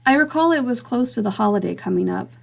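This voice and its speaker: Woman narrator, story reading, gravelly, steady, measured. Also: on the high side. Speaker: author narrator.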